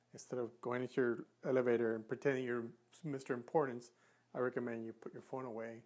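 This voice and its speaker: Man, advice talk, earnest, mid-pitched voice, restarts a lot. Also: darkish tone. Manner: earnest, advising, with frequent restarts and demonstrations. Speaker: communication coach. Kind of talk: instructional talk to camera.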